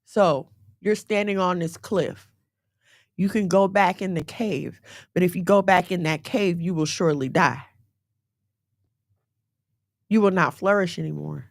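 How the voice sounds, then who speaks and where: A woman giving a conversational sermon in a direct, animated way, mixing scripture with everyday slang. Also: lowish voice, a little slow, gravelly, long pauses, no echo, studio quality. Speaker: faith teacher.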